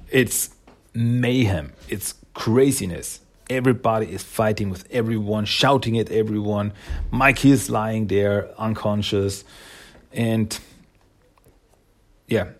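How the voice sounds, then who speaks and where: A man with a low, slightly husky voice talks through a cartoon episode in a loose, rambling way. He fills pauses with ums and chuckles as he goes. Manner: rambling, with fillers and frequent chuckles. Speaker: storyteller recapping a cartoon episode. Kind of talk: casual spoken recap.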